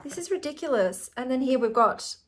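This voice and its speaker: A woman's voice: high voice, lively intonation, a little fast. A woman in her forties with an Australian accent, chatting to camera in an effusive, giggly way. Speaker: vlogger. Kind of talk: casual chat to camera.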